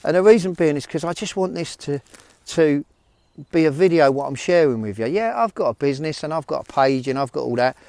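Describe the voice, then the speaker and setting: A man's voice: a little high, expressive, brisk, a little mellow, no room sound. A man talking earnestly and bluntly to a handheld phone camera, giving a motivational vlog with frequent restarts and swearing. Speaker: vlogger.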